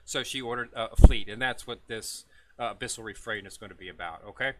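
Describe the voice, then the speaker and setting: A man's voice: on the low side, fast talker, very noisy. A man casually talking viewers through a game update as a gaming video host, rambling, with many filler words and stumbling over foreign names.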